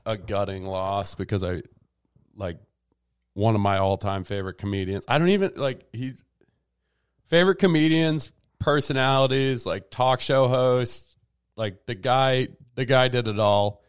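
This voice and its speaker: Smooth-voiced man in casual podcast chat. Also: mid-range voice, measured pace, dry recording, studio quality. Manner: loose, rambling, lots of fillers. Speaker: podcast co-host.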